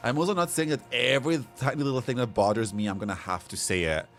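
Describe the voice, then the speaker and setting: A man's voice: medium pitch, quick pace, a bit bright, slight background noise. A man from Europe chatting frankly with viewers during a live game stream. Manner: frank, chatty, responds to chat. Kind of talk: casual live-stream chat.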